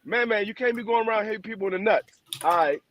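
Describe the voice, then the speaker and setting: A middle-aged man telling loud, profane stories in casual chat, often stammering and restarting. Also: high-pitched, fast talker, lo-fi sound, a little hiss or hum.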